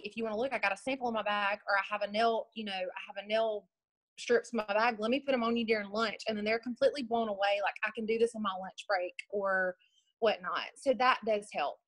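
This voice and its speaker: A woman's voice: medium pitch, fairly bright tone, no echo, low-quality recording. A young woman, talking casually and unscripted on a video team call about selling nails. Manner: chatty and upbeat, with many fillers and restarts. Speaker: nail product seller sharing tips on a team call.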